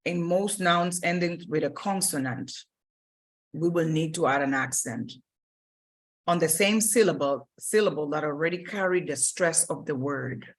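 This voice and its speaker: A woman's voice: low voice, unhurried. A woman teaching Spanish grammar in a recorded lesson, explaining patiently step by step and often stopping to rephrase.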